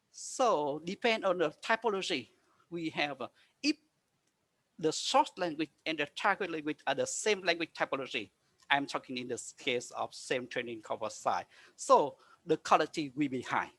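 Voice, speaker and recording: A man giving a conference presentation over a video call, speaking haltingly with frequent restarts and nonstandard grammar. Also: on the high side, sharp tone, no room sound. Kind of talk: lecture presentation.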